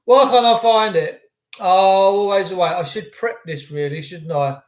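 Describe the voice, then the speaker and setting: A high-voiced man chats loosely to his livestream viewers, greeting them by name and wandering from topic to topic. His voice rings around an echoey room. The talk stays casual and rambling throughout. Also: moderate pace. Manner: chatty, rambling banter with viewers. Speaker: livestream host.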